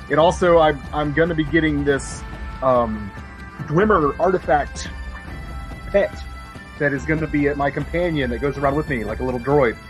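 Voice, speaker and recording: A man chatting casually about a video game, animated and rambling, often restarting his sentences. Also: fairly high pitch, rough recording. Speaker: podcast guest co-host. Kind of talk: casual gaming chat.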